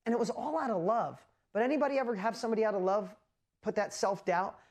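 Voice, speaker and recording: A man hosting a live motivational talk, telling his story with animated energy and lots of exclamations, and often asking the audience questions directly. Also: high voice, fast. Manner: speaks straight to the audience with rhetorical questions. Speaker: host and motivational speaker.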